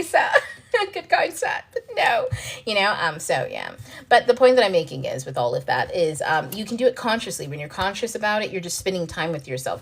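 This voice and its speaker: A woman's voice: on the low side, slight background noise. A woman who hosts and writes books, talking casually in a livestream and answering viewer questions, blunt and profane, laughing often. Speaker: author and self-development host.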